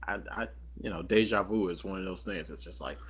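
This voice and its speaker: A man's voice: low-pitched, fairly quick. A man co-hosting a podcast, chatting casually and telling a rambling story full of fillers and self-corrections. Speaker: podcast co-host.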